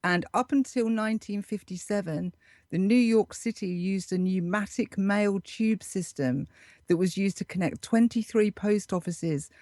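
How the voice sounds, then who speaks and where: An upbeat woman correspondent hosting a casual podcast segment. She reads out fun facts in a mid-pitched voice. The recording is dry and close, with no room sound. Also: unhurried, mellow, no room sound. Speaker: show correspondent.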